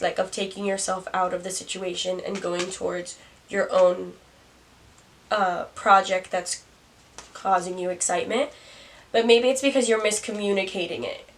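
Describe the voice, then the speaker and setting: A young woman doing a casual tarot reading to camera, musing aloud and laughing at herself. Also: medium pitch. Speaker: tarot reader. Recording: distant mic, faint noise.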